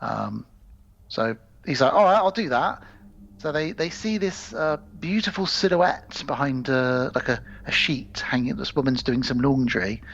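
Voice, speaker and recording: A man co-hosts a podcast and rattles through a film plot in animated, swearing casual chat. His pitch sits mid-range, and the recording sounds dull and lo-fi. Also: unhurried. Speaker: podcast co-host.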